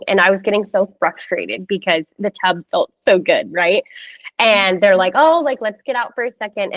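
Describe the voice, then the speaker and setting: A woman in her thirties telling her birth story in a casual, animated way, full of "like" and acted-out quotes. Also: mid-range voice, dry recording, dull audio. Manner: animated, heavy use of "like", acts out quoted voices. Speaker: podcast guest sharing a birth story.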